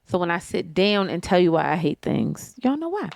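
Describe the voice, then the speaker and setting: A woman's voice: fairly low pitch, sing-song, normal speed, creaky, darkish tone, no room sound. Blunt, profane woman ranting at home. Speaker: podcast co-host. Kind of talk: casual chat. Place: living room couch at home.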